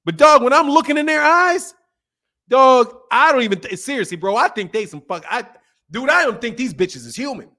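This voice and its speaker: A fairly high-pitched young man hosts a boxing stream in a heated rant. He repeats his points over and over, swears freely, and jumps between loud, shouted bursts and low, muttered asides. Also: animated, brisk. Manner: emphatic, repetitive, profane, swings between loud and quiet. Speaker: boxing channel host.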